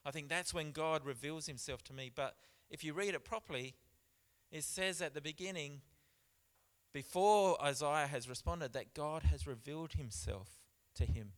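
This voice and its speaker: A man delivering a church sermon, his voice a touch high and clean-toned. He hammers points with repetition and moves between hushed remarks and loud emphatic scripture readings. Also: moderate pace. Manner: preaching with emphatic repeats, shifting loud and soft. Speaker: pastor.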